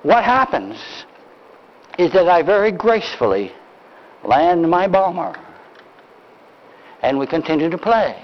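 Older man, pastor, sermon, animated storytelling, swooping pitch, muffled lo-fi sound. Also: a little slow, long pauses. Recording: dull lo-fi recording.

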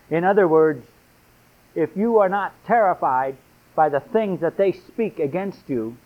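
A man preaching a sermon, reading scripture aloud with rising, emphatic delivery. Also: fairly high pitch. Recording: tinny phone-like sound.

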